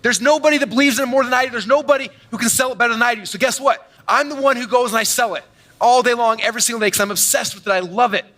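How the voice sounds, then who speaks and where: A man giving an energetic, boastful keynote talk on stage to a large audience, telling stories with quick asides. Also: extremely high pitch. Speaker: conference speaker. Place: large event hall on stage.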